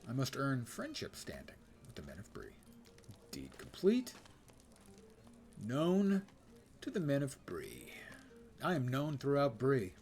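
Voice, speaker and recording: A man's voice: mid-range voice, huge pitch swings, normal speed, gravelly, soft background music. An older man streaming a game, giving casual, wry, self-mocking commentary and reading quest text aloud.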